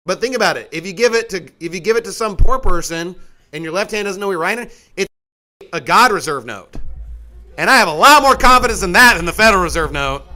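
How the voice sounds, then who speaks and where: Animated, bright-voiced male preacher. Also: high voice, fast, soft background music. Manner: animated, folksy, mocking asides. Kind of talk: sermon.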